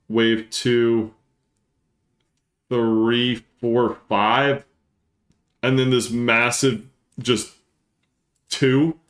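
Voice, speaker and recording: A man hosts a live stream and reads through charts as he talks. He speaks fast and gets excited, working things out aloud. His mid-range voice carries some room echo. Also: medium pitch. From northern New Jersey. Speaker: livestream host and market analyst.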